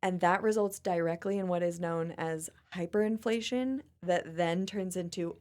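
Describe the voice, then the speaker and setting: A woman hosting a podcast in a chatty, expressive, casual way. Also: fairly low pitch, normal speed. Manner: chatty and expressive, often laughing. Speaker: podcast host. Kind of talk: casual chat.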